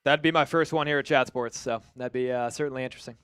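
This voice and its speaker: A man's voice: mid-range voice, steady tone, quick pace, fairly bright tone, clear, resonant tone, no echo, clean studio sound. A man from Long Island hosting a live football watch-party stream, calling plays and chatting casually with viewers. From Long Island, New York. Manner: casual, chatty, reads viewer messages aloud. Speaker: livestream host. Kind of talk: live game watch-party commentary with chat.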